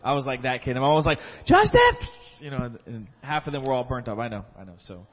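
Talking very fast in a medium-pitched voice, a man shares an earnest, emotional testimony at offering time in a church hall and goes on to lead a prayer. The audio is dull, echoing around the reverberant hall.

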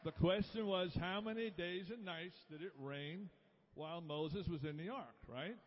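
A man with a fairly high voice leads a playful Bible quiz for a church crowd, teasing people over their answers. He sounds far off in a long-echoing hall, and the live recording is dull. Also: a little slow.

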